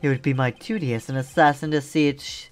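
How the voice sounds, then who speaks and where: A man voicing a soft-spoken, courteous male assassin with mannered politeness, reading game dialogue aloud on a stream. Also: medium pitch, steady tone, quick pace, pitched above the performer's own voice, lightly acted. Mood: polite menace.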